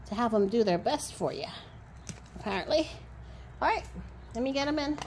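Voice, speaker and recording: A woman's voice: on the high side, lively intonation, normal speed, long pauses, darkish tone, a little hiss or hum. A woman hosting a gardening vlog outdoors, chatting casually and playfully to the camera, teasing herself. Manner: chatty, playful, self-teasing, calls viewers beautiful people. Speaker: gardening channel host.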